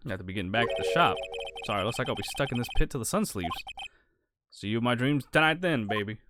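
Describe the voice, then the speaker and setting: A streamer voicing a sharp-tongued, sarcastic woman from a game, reading her lines in a teasing, mocking tone. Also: medium pitch, animated, racing, very noisy, pitched below the performer's own voice, close to an everyday voice. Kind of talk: game dialogue read aloud.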